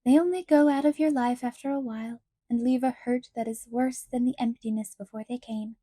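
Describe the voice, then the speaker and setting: A woman's voice: on the high side, steady tone, fairly quick, mellow, no echo, studio quality, natural voice. A woman reading an audiobook, voicing a wistful, whimsical middle-aged lady who sighs and lingers dramatically over her words.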